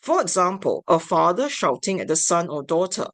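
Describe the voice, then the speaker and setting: A woman giving an instructional talk on family therapy, measured and deliberate. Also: on the low side, sing-song, dry recording. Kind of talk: instructional lecture.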